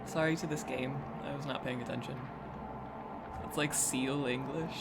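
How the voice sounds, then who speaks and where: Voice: medium pitch, steady tone, normal speed, very noisy. A streamer chatting casually while playing a game, rambling and self-deprecating, often trailing off and restarting sentences. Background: game music.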